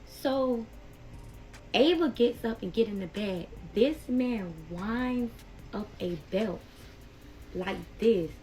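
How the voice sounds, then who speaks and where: Speaking slowly with long pauses, this young woman's voice sits a little high, with music playing behind her on a rough recording. She's a storytime vlogger, emotionally recounting a heated story and chatting directly to "y'all."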